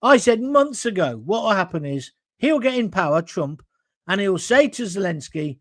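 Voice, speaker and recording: A man's voice: high voice, big pitch swings, moderate pace, dry recording. A man hosting a live talk show, reading out viewer comments in a blunt, combative, rambling way from a green screen studio.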